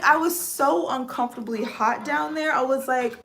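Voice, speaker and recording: Animated Southern woman, bright voice. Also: high-pitched, a little slow. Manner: animated storyteller with dramatic exclamations. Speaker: livestream host. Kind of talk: casual chat, reading viewer comments.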